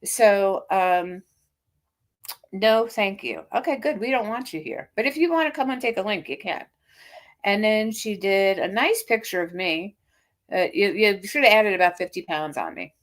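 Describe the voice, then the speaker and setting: A woman in her fifties talks through a casual livestream in a mid-pitched voice. She reads a critic's posts aloud and answers them with blunt, sarcastic, mocking asides. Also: moderate pace. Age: 50s. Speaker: livestream host. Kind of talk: casual reaction stream.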